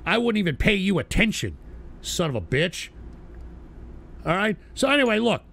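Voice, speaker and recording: A man hosting a livestream, reading viewer donations and swearing at his chat, often shouting angrily. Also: high-pitched, very animated, moderate pace, vocal fry. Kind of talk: profane livestream rant.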